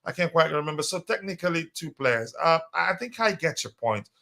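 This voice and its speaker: A man hosts a casual live stream, reading viewer comments aloud between halting, filler-heavy remarks. His voice is bright and forceful, sitting a little higher than most men's. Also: lively intonation, gravelly. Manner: hesitant, many fillers, reads comments aloud. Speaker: host of a fan livestream.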